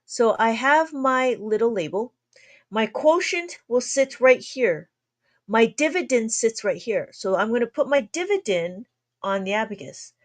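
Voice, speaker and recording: Laughing often, a woman explains abacus long division in a chatty livestream, making an effort to rein in how fast she usually talks. Her fairly high voice is expressive.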